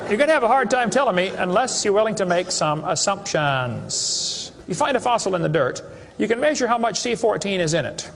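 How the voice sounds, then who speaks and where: A man's voice: sits high, creaky, long reverb tail, a little hiss or hum. A man giving a creationist seminar lecture to an audience, sarcastic and mocking as he tells stories.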